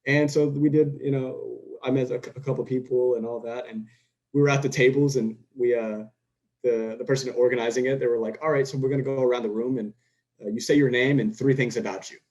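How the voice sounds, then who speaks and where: A man's voice: medium pitch, fairly even intonation, brisk, darkish tone, poor audio. A young man from Houston, a podcast guest, telling stories in a casual, rambling way with lots of restarts and acted-out dialogue. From Houston, Texas. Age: young adult. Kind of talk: casual storytelling chat.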